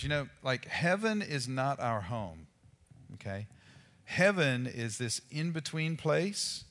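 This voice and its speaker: A man preaching a sermon as pastor, in a conversational, animated way with casual asides to the congregation. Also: mid-range voice, big-room sound.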